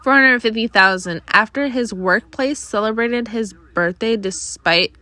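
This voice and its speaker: A woman's voice: fairly high pitch, measured pace, sharp tone, no room sound. A young woman hosting her own podcast, rambling through the week's news in casual chat with many fillers and sighs, bothered by allergies. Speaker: podcast host.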